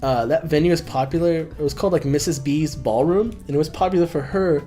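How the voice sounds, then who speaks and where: A man's voice: on the high side, fast talker, warm tone, soft background music. A young man co-hosting a podcast, telling a story in casual chat, laughing often and acting out the lines he quotes. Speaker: podcast co-host.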